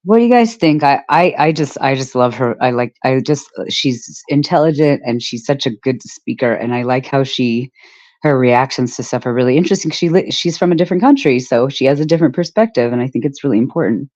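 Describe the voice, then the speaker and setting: A livestream co-host chats in an eager, halting way and often stops to restart a sentence. The voice sits at a middling pitch. The sound is muffled and lo-fi. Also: lively intonation, a little mellow. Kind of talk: casual livestream chat.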